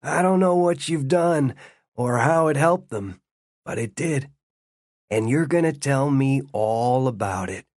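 A man's voice: medium pitch, animated, measured pace, darkish tone, no echo, clean studio sound, close to an everyday voice. A man voicing a nosy, sneering male prison guard who talks bluntly and rambles with self-importance in an audiobook. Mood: pushy.

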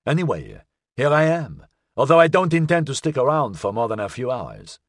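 A man's voice: mid-range voice, big pitch swings, normal speed, dry recording, clean studio sound. A man voicing a big, jovial man who enjoys the attention, in an audiobook. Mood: cheerful. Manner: cheerful and self-satisfied.

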